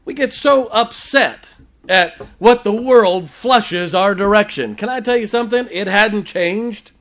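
Before a church congregation, a man gives a sermon in a folksy, emphatic style, chuckling between points and returning to his main lines again and again. He speaks unhurriedly in a high, fairly bright voice.

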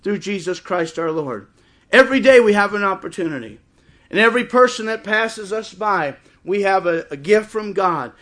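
A middle-aged man preaching a sermon in church, impassioned and swelling toward shouts. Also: sits high, lively intonation, moderate pace. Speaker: pastor. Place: church service before a congregation.

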